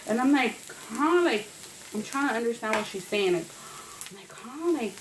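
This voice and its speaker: A woman's voice: on the high side, expressive, moderate pace. Chatty, cursing woman vlogger cooking. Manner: chatty, profane, rambling with many fillers. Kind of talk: casual storytelling while cooking. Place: home kitchen. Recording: echoey kitchen, faint noise. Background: food frying and sizzling.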